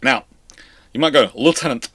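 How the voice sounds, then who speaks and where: Guy hosting a history live stream, rambly chatty explaining, bright voice, dry close mic. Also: mid-range voice, lively intonation, moderate pace, dry recording. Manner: conversational, digressive explaining. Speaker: host.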